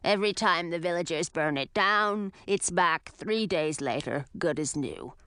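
A woman voicing a grouchy, spiteful old female witch with a rough, gravelly, low growl. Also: measured pace, fairly bright tone, dry recording. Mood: gruff. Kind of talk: audiobook character voice.

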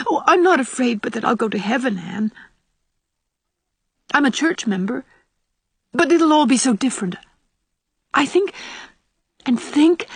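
Female narrator doing a scared, sickly young woman, high and trembling, breathy, storybook reading. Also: mellow, no echo, lightly acted. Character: frightened, ailing young woman, pleading.

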